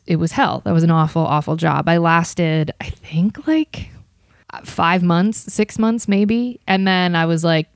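A woman's voice: fairly low pitch, a little mellow, no room sound, clean studio sound. A young woman from Ohio chatting as an interview guest, self-deprecating and full of fillers. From Ohio, USA. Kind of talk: casual interview chat.

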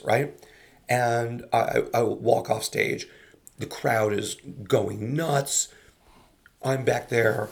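A man, a comedian, telling an animated anecdote and restarting his sentences often. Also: medium pitch, vocal fry, slightly rough. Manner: acts out quoted voices, restarts often.

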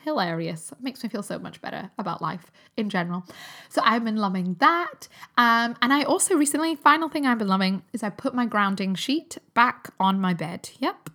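A woman's voice: on the high side, moderate pace, bright, forceful tone. A woman in her thirties, originally from Newcastle, hosting a solo podcast in a chatty, upbeat way and laughing often. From Newcastle, England. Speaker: podcast host and health coach. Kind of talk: casual solo podcast chat.

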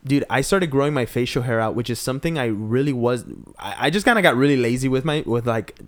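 Brief: young male actor, mid-pitched, lively storyteller who swears and laughs a lot. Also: fast talker. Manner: animated storyteller, swears freely, laughs often. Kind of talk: casual chat.

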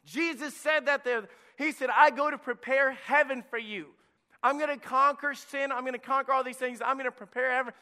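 A man preaching to children as a pastor, energetic and emphatic, dropping to a hush for key points. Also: extremely high pitch, moderate pace, in a large hall. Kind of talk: children's sermon.

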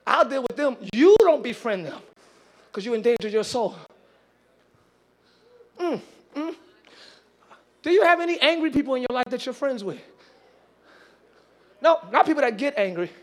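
A pastor preaches to his church congregation in an extremely high voice with lively intonation, at a moderate pace and with frequent pauses. He acts out everyday scenes and shouts his points.

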